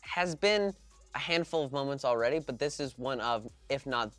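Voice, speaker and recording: A man's voice: mid-range voice, lively intonation, moderate pace, a bit bright, no room sound, soft background music. A man hosting a sports podcast, talking in a casual, enthusiastic and fired-up way. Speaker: podcast host and fan.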